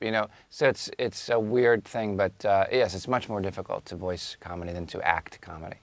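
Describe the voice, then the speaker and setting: A man's voice: fairly low pitch, steady tone, moderate pace, no room sound. A man giving thoughtful, casual interview answers. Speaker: voice actor interviewee.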